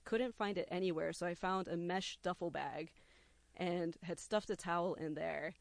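A young adult telling a personal story to a listener, animated and acting out the quoted voices. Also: medium pitch, moderate pace, vocal fry, no room sound.

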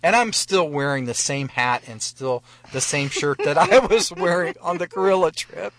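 A man's voice: on the high side, moderate pace, fairly bright tone. A man telling a travel story as a guest on a live radio show, acting out the officials he met and chuckling often. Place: radio studio.

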